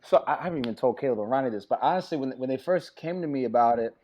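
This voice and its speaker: Animated, profane storytelling man. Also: mid-range voice, rapid-fire. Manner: animated, profane, acts out quotes. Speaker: actor guest. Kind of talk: casual storytelling.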